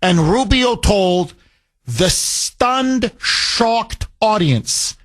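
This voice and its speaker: Indignant talk radio host, lively and high. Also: male voice, slow pace. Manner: indignant, rhetorical, emphatic.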